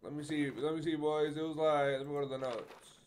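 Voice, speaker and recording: A young male streamer with a somewhat high voice, talking through a horror game in a jumpy, swear-heavy stream of thought aimed at his chat. A faint hiss of noise sits under his voice. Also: level tone, a little fast. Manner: jittery, profane, thinks aloud to chat. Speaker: gaming streamer. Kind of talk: horror game let's play commentary.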